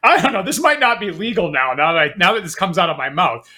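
Middle-aged man, casual talk, rambling with fillers, highish pitch. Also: very animated, fast talker, bright, forceful tone. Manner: rambling storyteller, many fillers and restarts. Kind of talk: casual conversation.

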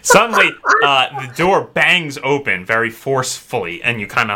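A man's voice: mid-range voice, huge pitch swings, unhurried, pushed and bright. A man narrating a tabletop role-playing game as game master, describing scenes with fillers.

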